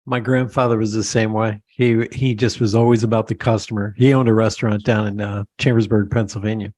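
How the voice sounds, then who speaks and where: A man hosting an interview, talking in a relaxed, agreeable, storytelling way. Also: lowish voice, brisk, dry recording. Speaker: podcast host. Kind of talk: conversational interview.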